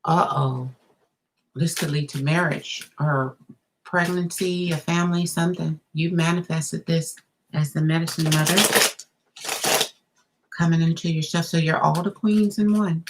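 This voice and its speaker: A woman's voice: deep voice, measured pace, pauses often, slight background noise, poor audio. A woman giving a live tarot reading, talking straight to the viewer, thinking aloud and reacting with gasps and laughs. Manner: expressive, gasps and laughs as cards turn up. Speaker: tarot reader.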